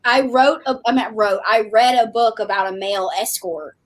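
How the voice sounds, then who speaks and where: A woman with a Southern US drawl talks fast and animatedly as a podcast guest, laughing as she goes. Her voice sits fairly high. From American South. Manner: animated, chatty, laughs often. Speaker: podcast guest, romance author. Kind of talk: casual chat.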